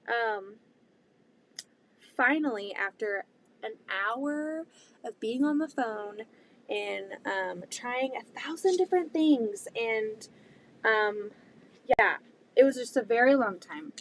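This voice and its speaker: A woman with a high voice tells a story to her camera in a loose, casual vlog style. She chats along with plenty of "um"s and "like"s and animated retellings. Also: takes it slowly, pauses often. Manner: chatty, full of "um" and "like", animated retelling. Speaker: quilting vlogger.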